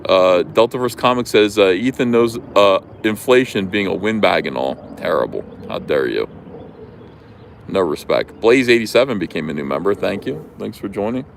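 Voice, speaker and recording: A man with a New Jersey accent hosting a livestream outdoors, chatting casually in an animated, rambling way. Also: fairly low pitch, moderate pace, vocal fry, a little hiss or hum. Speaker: livestream host. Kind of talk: casual chat.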